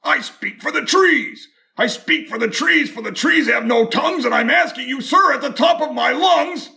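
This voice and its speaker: A man voicing a small, old, mossy male forest guardian who talks in a sharp, bossy, loud way, in a storybook read-aloud. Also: very high voice, normal speed, vocal fry, far from the mic, voice pushed up, full character voice. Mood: indignant.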